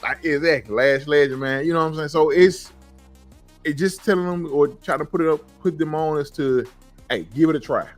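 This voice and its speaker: A man's voice: a little high, fairly even intonation, brisk, faint music behind. A man co-hosting a podcast, rambling casually and restarting his sentences often. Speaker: podcast co-host. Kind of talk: casual chat.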